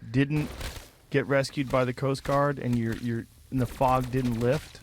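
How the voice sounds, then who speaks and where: A man's voice: mid-range voice, flat delivery, unhurried. Man, host, blunt reactions, casual swearing, faint background noise. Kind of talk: casual interview.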